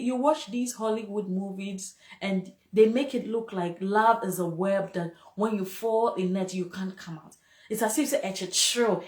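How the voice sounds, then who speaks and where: A woman's voice: medium pitch, darkish tone. A woman hosting a casual live-stream talk, speaking emotionally and preachily and laughing often. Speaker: host. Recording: echoey room.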